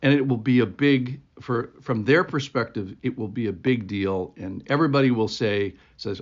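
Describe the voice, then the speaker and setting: A man's voice: medium pitch, normal speed, hardly any pauses. A man hosting a devotional podcast, speaking in an earnest, conversational, reflective way. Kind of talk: informal devotional talk. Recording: dull lo-fi recording.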